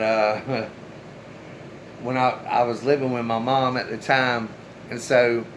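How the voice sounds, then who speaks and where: A man's voice: medium pitch, fairly bright tone, a little hiss or hum, rough recording. A man casually telling a personal story straight to his viewers, loose and chatty, with the odd swear word. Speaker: storyteller, channel host.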